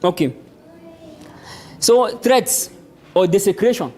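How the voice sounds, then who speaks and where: A young man with a Cameroonian Pidgin English accent gives an animated community lecture, chuckling often as he talks. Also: high voice, slow, breathy edge. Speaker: workshop speaker. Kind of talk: community lecture on hate speech. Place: public venue.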